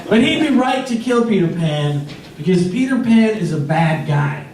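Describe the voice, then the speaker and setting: A man's voice: sits high, big pitch swings, moderate pace, crowd noise. A man performing a stand-up comedy set on a club stage, talking in a rambling, conversational way with many likes and uhs. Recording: echoey club, distant mic.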